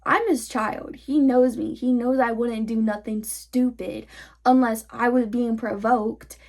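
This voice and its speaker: A woman's voice: a little high, fairly even intonation, a little slow, darkish tone. Heated teenage girl telling a story. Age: teens. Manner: heated, profane retelling full of "like". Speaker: vlogger. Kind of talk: storytime vlog.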